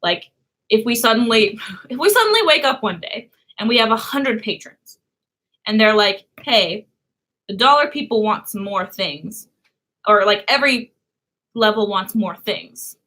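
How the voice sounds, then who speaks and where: A woman's voice: on the high side, expressive, normal speed, sharp tone. A woman from California co-hosting a casual YouTube chat, talking in a loose, chatty way with fillers and laughs. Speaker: YouTube co-host.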